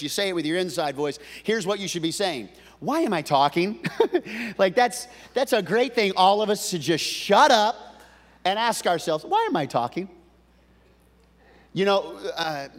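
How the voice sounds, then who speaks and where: A man preaching a sermon as pastor, folksy and joking, often stumbling and restarting his words. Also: fairly high pitch. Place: church sanctuary. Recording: long reverb of a church hall.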